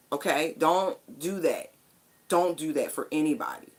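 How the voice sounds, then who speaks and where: A woman's voice: deep voice, a little slow. A woman giving a casual spiritual tarot reading, chatty and emphatic, with casual swearing. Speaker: tarot card reader.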